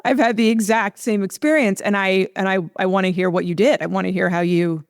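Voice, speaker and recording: A woman's voice: mid-range voice, fairly even intonation, a little fast, clear, resonant tone, no room sound, clean studio sound. A woman hosting a podcast interview, asking eager, hedging questions. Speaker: podcast host.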